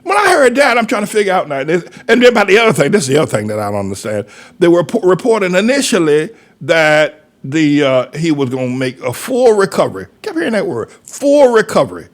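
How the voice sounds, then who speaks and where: A man's voice: on the high side, wildly swooping pitch, fast talker. A man, a pastor, rambling through a folksy commentary monologue with chuckling asides.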